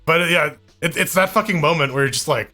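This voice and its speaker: Bright, kinda high-voiced guy rambling through a story on a podcast, stumbles on his words a lot. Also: fast talker, soft background music. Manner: laughing, profane, stammering storyteller. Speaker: co-host. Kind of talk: casual podcast banter.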